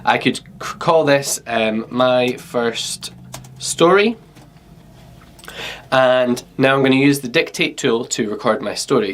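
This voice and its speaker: A Scottish man leads a class through an online workshop in an easygoing, instructive manner. He walks pupils through each step and keeps checking in with okay. His voice sits at an ordinary middle pitch for a man. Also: slow pace, a bit bright. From Scotland. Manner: chatty, instructive, often saying okay and um. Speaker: teacher.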